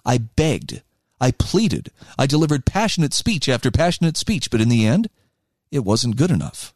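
A man's voice: mid-range voice, big pitch swings, moderate pace, a little mellow, dry recording, clean studio sound. A man reading aloud from an article and commenting on it in an earnest, emphatic way.

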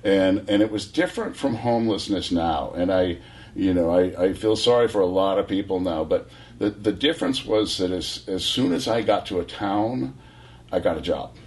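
A man in his sixties from California, a guest telling rambling, animated stories full of restarts. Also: deep voice, moderate pace. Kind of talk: casual storytelling.

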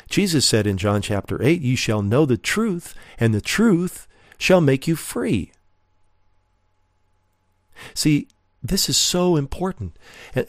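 A man preaches with earnest emphasis, slowing down to lean on key words and asking his listeners pointed rhetorical questions. His voice sits in a middle pitch and sounds close and dry, with no room echo. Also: a little mellow. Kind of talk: sermon teaching.

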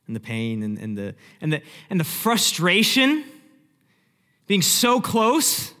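A young man preaching a sermon, telling the story vividly and acting out the scenes, dropping from loud to hushed. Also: sits high, wildly swooping pitch, slow. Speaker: pastor. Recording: long hall reverb.

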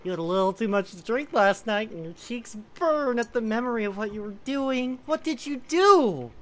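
Woman hamming up a hypnotic read. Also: a little high. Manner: theatrical, swings from slow soothing murmurs to loud giggling exclamations. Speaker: host reading a joke quiz. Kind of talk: playful mock-hypnotic reading.

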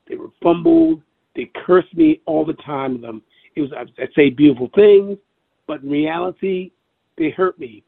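A man recalling his experience in an interview, speaking haltingly, searching for words and repeating himself. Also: a little high, vocal fry, no room sound. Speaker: interview guest. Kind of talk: personal recollection over the phone. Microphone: telephone. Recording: tinny phone line.

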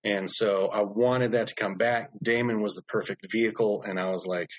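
Blunt, husky-voiced knife maker guest. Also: male voice, on the low side, moderate pace, highs cut off. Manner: blunt, animated storyteller with many fillers. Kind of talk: casual podcast storytelling.

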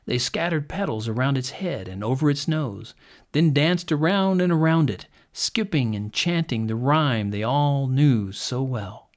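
Male storyteller reading a children's tale, animated, shifts between hushed and lively. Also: moderate pace. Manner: expressive, drops to a hush at quiet moments; builds in pitch and loudness as the action rises.

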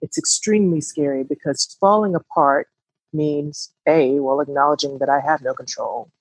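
A woman co-hosting a podcast talks candidly and reflectively in a casual, heartfelt conversation, her emphasis rising as she goes. Her voice is low-pitched with a breathy edge and a moderate pace. There's no echo, but the audio is poor.

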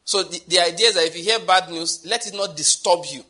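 A man's voice: sits high, a little fast, sharp tone. A Nigerian man preaching a sermon as pastor, in a conversational way with repeated words and chuckles.

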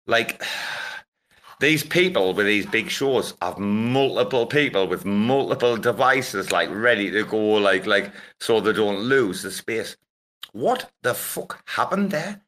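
A man's voice: fairly low pitch, animated, takes it slowly, fairly bright tone. A man hosting a casual online chat, sweary and exasperated. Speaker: host.

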